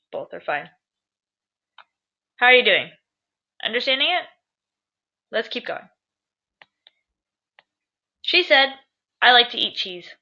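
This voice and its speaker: Bright chatty lady teacher going over grammar, kinda high voice, dull lo-fi sound. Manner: chatty, upbeat, asks viewers questions. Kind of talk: grammar lesson to camera. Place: at home.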